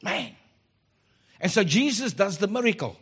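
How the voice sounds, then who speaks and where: A middle-aged man preaching a sermon as pastor, animated and joking in asides. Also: high-pitched, measured pace, breathy edge.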